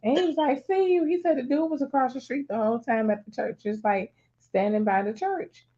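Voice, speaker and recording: A middle-aged woman in casual chat, telling a family story with lively acted-out voices. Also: a little high, brisk. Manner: animated storyteller acting out voices. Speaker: talk show co-host. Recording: dull lo-fi sound.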